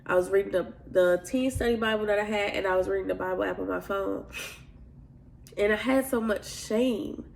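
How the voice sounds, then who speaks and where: A woman hosting a podcast, speaking earnestly and confidingly as she shares a personal faith testimony. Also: medium pitch. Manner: earnest, confiding, addresses listeners as y'all. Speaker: podcast host.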